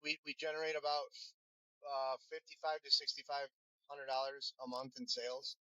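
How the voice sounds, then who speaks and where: A man's voice: mid-range voice, little pitch movement, normal speed, bright, forceful tone, no echo. A man, a firefighter who runs a vending business, telling his story in a casual interview with many restarts and fillers. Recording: dull, lo-fi sound.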